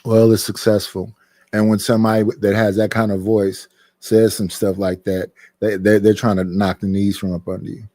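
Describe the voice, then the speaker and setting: A man's voice: on the low side, flat delivery, moderate pace, dark tone, dry recording, studio quality. A man, complaining emphatically about people turning against him, repeating his points in casual streamed talk. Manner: aggrieved, emphatic, repeats himself. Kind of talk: heated casual chat. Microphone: streaming mic.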